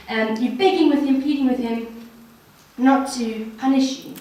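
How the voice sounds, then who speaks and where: A woman's voice: on the high side, normal speed, a little mellow, a little hiss or hum. Woman guest speaker, earnest and encouraging; roomy hall sound, distant mic. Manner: earnest, encouraging, addresses audience directly. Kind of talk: personal testimony talk. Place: hall at a ladies' social evening. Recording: echoey room from far off.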